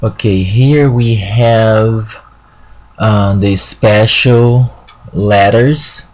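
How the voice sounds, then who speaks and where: A man with a fairly low voice teaching a language class. He talks slowly and deliberately and keeps saying "okay". He sounds out each example word with care. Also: steady tone, a little mellow. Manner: slow, repeats "okay" often, models words slowly. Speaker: Spanish teacher. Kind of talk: classroom lesson.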